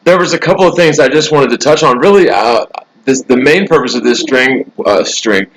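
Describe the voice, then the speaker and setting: A man's voice: medium pitch, normal speed, a bit bright, low-quality recording. A man hosting a casual live stream from a hotel room, rambling through the news with sarcastic asides. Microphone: laptop mic.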